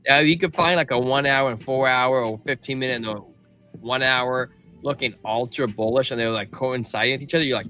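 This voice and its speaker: A man's voice: medium pitch, a little fast, pushed and bright, soft background music. A man hosting a live crypto stream, talking through price charts and reading viewers' chat in a casual, slangy way. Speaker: crypto livestream host.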